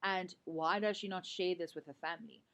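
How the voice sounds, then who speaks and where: A woman's voice: lowish voice, fairly quick, a bit bright. A woman teacher with a South African accent, explaining a set drama in a casual, chatty way full of fillers.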